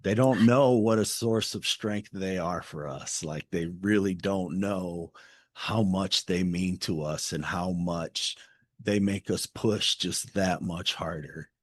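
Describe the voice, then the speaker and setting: A male interview host with a very deep, husky voice, recorded close and dry. He speaks slowly, offering sympathetic affirmations to his guest. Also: dry recording. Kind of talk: casual interview chat.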